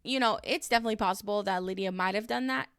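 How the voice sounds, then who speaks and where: A woman's voice: medium pitch, fast, a bit bright, clear, resonant tone, no room sound, clean studio sound. A woman in her thirties recapping a reality show in a casual vlog, blunt and exasperated, swearing freely. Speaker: reaction vlogger. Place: dim room at home.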